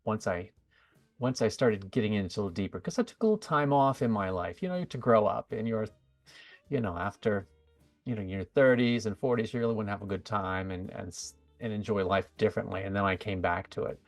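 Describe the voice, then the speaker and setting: A middle-aged man from the USA chats through an interview with a lowish voice. He wanders between thoughts and often restarts his sentences. The sound is dry and close, with faint music in the background. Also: fairly quick, no room sound. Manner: chatty, rambling with fillers and self-corrections. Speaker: guest, psychic medium. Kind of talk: casual interview chat.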